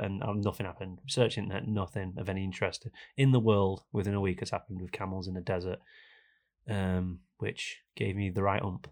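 A man's voice: deep voice, flat delivery, a little fast, darkish tone. A man co-hosting a casual banter podcast, rambling and slipping into mocking voices. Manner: rambling, mimics people in skits. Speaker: podcast co-host.

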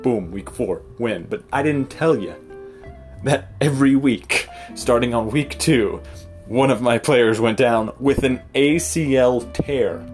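Man, podcast host, rambling, self-interrupting storyteller, mid pitch, faint guitar bed behind. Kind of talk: casual solo podcast storytelling.

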